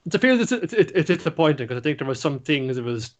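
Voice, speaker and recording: A man's voice: on the high side, sing-song, fast. Profane, chuckling man recapping an episode. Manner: loose and profane, breaks into laughter, acts out lines mid-story. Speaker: anime podcast co-host.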